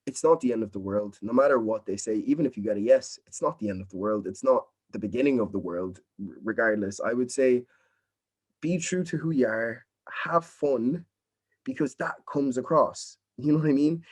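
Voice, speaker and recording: A man's voice: medium pitch, moderate pace, a little mellow, slightly rough. A young man from Nigeria, a drama student, talking casually and earnestly in an interview over a video call, encouraging and often adding "you know what I mean". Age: young adult.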